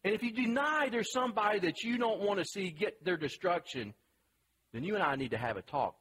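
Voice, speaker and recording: A man's voice: sits high, animated, fairly quick, a bit bright, breathy edge, low-quality recording. A man preaching a sermon in a conversational, emphatic way, asking the listeners questions.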